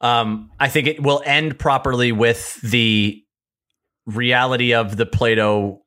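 A young man co-hosting a comedy podcast, pitching a prank as a lively story and acting out the other people's lines. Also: slow. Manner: animated storytelling with acted-out quotes, lots of laughter. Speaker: podcast co-host. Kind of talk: casual comedic chat.

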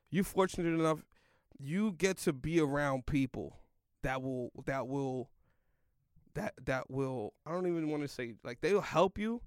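A young male comedian tells a rambling story in a casual podcast chat, using loose slang packed with "like" and "yo." His mid-range voice is smooth, and the recording is dry with clean studio sound.

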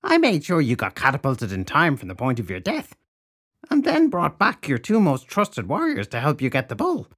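Sharp old crone woman, high and scornful, a male narrator putting her on. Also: wildly swooping pitch, normal speed, slightly rough, heavily acted. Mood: indignant. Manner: sharp, condescending. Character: spiteful old crone woman, fairy creature, snippy.

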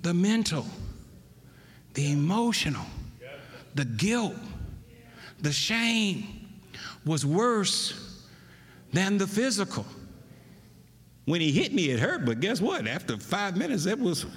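A man preaching a sermon, swinging between loud emphasis and hushed, near-whispered lines. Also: sits high, sing-song, slow pace, long pauses. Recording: long reverb of a large hall.

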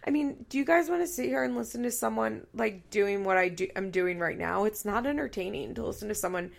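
A woman in her thirties hosts a recap podcast with a heavily gravelly, fry-laden voice. She sounds tearful yet blunt, swearing freely and doubling back on her own sentences. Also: medium pitch, expressive, brisk, few pauses. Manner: blunt and profane, rambling with self-corrections. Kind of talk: candid casual chat.

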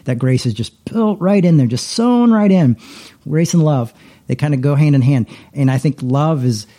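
A man's voice: fairly high pitch, expressive, moderate pace, dark tone. A middle-aged man, a pastor, talking casually in a rambling way, with many restarts and repeated words. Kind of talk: casual conversation.

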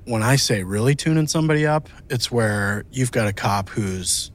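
A man's voice: mid-range voice, animated, normal speed. A man who works as a police watch commander, telling blunt, swear-laden stories in casual chat.

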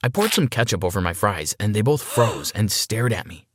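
A man narrating a first-person story in an expressive storytelling manner. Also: lowish voice, normal speed, no room sound, studio quality.

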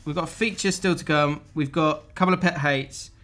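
A man's voice: a little high, brisk, fairly bright tone. A man hosting a casual football podcast, rambling through stories and laughing as he tells them. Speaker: podcast host.

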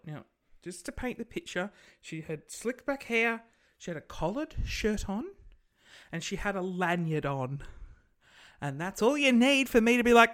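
A woman telling a travel story in a relaxed podcast chat. Her pitch swings widely as she acts out the voices of the people in it, lively and expressive throughout. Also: normal speed. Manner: animated, acts out quoted voices.

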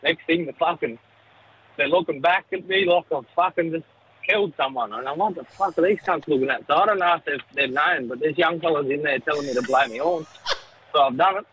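A man's voice: fairly high pitch, fairly quick, a bit bright, slight background noise, rough recording. An Australian man from New South Wales leaving a recorded voice message for a podcast, telling a story with heavy swearing. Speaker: caller.

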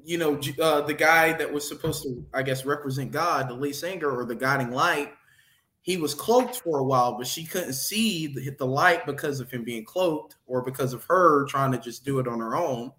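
A man co-hosting a live stream in casual chat, excitable and quick to laugh and exclaim. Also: mid-range voice, reverberant. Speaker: co-host of a faith reaction stream.

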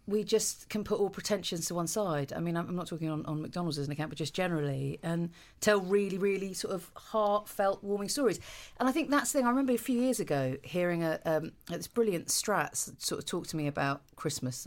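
A woman, guesting on a podcast with a slightly low voice. She rambles cheerfully and pokes fun at herself, with plenty of fillers along the way. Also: fast, few pauses. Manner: lively, rambling, self-deprecating, many fillers. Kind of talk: casual chat.

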